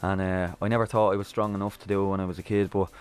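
Soft-spoken Irish singer, low smooth voice. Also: male voice, flat delivery, very fast. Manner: modest, hesitant, lots of fillers. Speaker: singer-songwriter guest. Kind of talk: casual radio interview. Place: radio studio.

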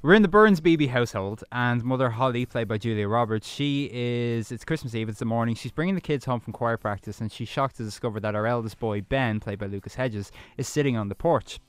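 A man, a film critic reviewing movies in a radio studio chat, rattling off fluent plot summaries with quick asides. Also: mid-range voice, clean tone, no echo.

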